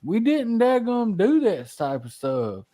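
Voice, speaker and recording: Guy hosting a podcast, kinda high voice, rambles and swears folksy. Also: wildly swooping pitch, unhurried, warm tone. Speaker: podcast host. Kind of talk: casual chat.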